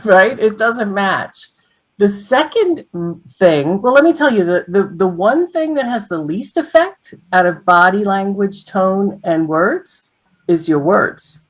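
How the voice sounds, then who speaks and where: A middle-aged woman giving an online training on sales presentations, teaching through lively examples. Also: medium pitch, takes it slowly, poor audio.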